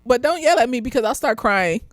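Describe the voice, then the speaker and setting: A young woman giving a casual, slightly tipsy review of a TV series as a therapist, laughing often, swearing freely and jumping into high excited squeals. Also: a little fast, dry recording.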